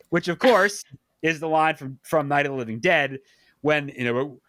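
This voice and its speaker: At a normal speed, a man hosting a podcast casually discusses a movie, bringing its lines to life with dramatic swings in pitch. There's no room sound, and the audio is clean studio quality.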